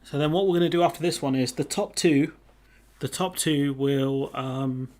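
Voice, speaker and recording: A man's voice: a little high, fairly even intonation, moderate pace, a little mellow. A man hosting a casual live stream, chatting with viewers and reading their comments aloud. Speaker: livestream host.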